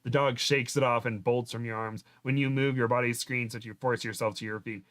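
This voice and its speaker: A man's voice: mid-range voice, fairly even intonation, fairly quick, fairly bright tone, no room sound. A man hosting a show, reading a book aloud dramatically and breaking off for joking asides. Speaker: host. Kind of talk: comedic read-aloud of a book.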